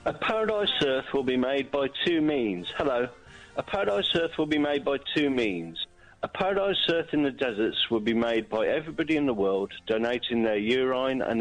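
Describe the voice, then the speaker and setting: A man co-hosting on radio, reading a statement aloud in a flat, matter-of-fact way. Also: medium pitch, low-quality recording. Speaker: radio co-host.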